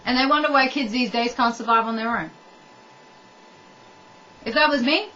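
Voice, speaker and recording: Blunt, high-voiced ranting woman. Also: moderate pace, long pauses, bright, forceful tone, muffled recording. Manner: blunt, heated, addresses the viewer, swears. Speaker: vlogger. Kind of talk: ranting monologue.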